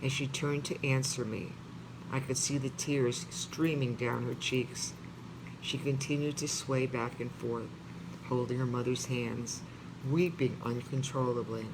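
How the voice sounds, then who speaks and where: Slow heartfelt man reading aloud. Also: medium pitch. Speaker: reader. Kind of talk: reading a memoir aloud with asides. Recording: noisy background ambience.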